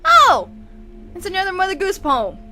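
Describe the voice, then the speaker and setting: A woman giving excitable let's-play commentary, laughing as she goes and reading game text aloud. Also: sits high, unhurried, faint music behind. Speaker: gameplay commentator.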